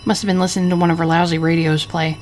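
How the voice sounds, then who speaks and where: A woman voicing a crude, drunken, scheming husband from the 1940s, talking gruffly and cursing. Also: fairly low pitch, little pitch movement, very fast, slight background noise, lightly acted. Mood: grumbling. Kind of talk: reading game dialogue aloud.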